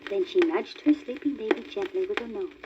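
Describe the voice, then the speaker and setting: A woman reading a children's storybook aloud as the narrator of a read-along record, in a clear, animated manner. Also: medium pitch, brisk. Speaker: story reader. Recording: dull crackly old vinyl record.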